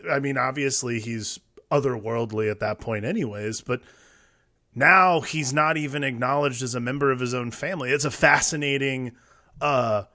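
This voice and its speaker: A man's voice: medium pitch, pushed and bright. A man co-hosting a casual film podcast, thinking aloud in a reflective way with restarts. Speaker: podcast co-host.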